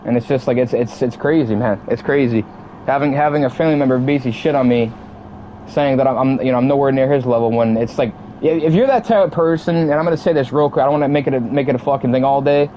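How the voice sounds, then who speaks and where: A man's voice: medium pitch, muffled recording, a little hiss or hum. A young man in his twenties venting casually to his stream chat, heated and profane, repeating himself as he talks. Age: 20s. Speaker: livestream gamer.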